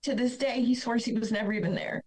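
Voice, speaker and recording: A woman's voice: a little high, steady tone, fast, a little mellow, husky, rough recording. Woman guest on a podcast, blunt and raw, telling her own story straight out. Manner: candid, blunt and emotional. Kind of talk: personal storytelling.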